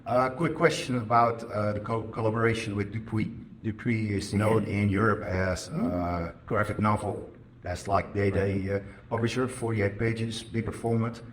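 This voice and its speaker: Dutch man asking a halting question. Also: fairly low pitch, fairly even intonation, a little hiss or hum. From Netherlands. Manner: halting, searching for words. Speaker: podcast host asking questions. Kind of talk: audience question at a panel.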